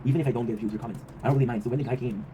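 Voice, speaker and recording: Rapid-talking man, rambling vlog monologue. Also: medium pitch, steady tone, dark tone. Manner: rambling, reflective, swears freely, often tags "right?". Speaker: vlog host. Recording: noisy ambient background.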